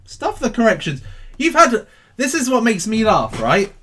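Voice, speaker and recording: A man hosting an animated crypto livestream, his high voice swinging between loud bursts and low mutters. He answers viewer questions in a cheeky, offhand way. The delivery is very lively throughout. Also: normal speed, husky.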